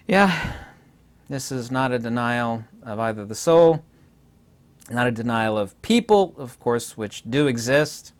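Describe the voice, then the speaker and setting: A man of middle pitch holds forth alone in an unscripted talk, sure of himself and given to digressions. He often jumps suddenly higher and louder to hammer a point home. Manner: emphatic, digressive, self-assured, with sudden bursts of higher, louder delivery. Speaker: channel host lecturing on philosophy. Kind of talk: unscripted solo monologue.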